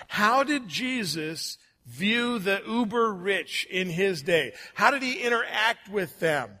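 A man delivers a Sunday sermon to his church in a fairly high voice. His tone is bright and forceful, and he keeps it friendly with jokes. He slows right down on key phrases. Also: animated. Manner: friendly, joking, varies pace for emphasis. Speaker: preacher.

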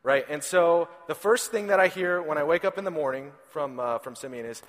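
A man's voice: on the high side, a little fast, fairly bright tone. A man in his thirties preaching a sermon in a conversational storytelling way, often repeating a word as he starts a sentence. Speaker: pastor. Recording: reverberant hall.

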